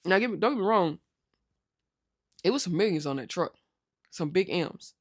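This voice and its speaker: A woman hosting a casual TV recap vlog, telling the episode in lively slang and acting out the characters' lines. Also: lowish voice, moderate pace.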